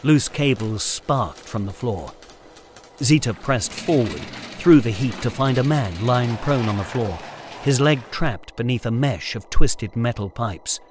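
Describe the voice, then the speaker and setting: A man reading a science fiction story aloud with measured storytelling. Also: medium pitch, animated, a little hiss or hum. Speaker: audiobook narrator. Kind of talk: scripted narration.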